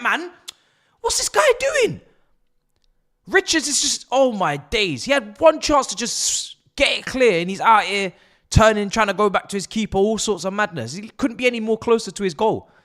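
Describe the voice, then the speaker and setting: Excitable man with a bright voice. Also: sits high. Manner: excitable, swearing, shouts at players. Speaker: live stream host. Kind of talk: live football watch-along commentary.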